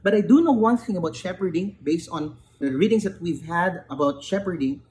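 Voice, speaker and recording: A preacher delivers his sermon in an emphatic, rising-and-falling manner. He presses his points with sudden lifts in pitch, then settles back to a low, measured voice. A faint hiss sits under the recording. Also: expressive, a little mellow, rough recording. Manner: emphatic, builds to raised peaks then drops low.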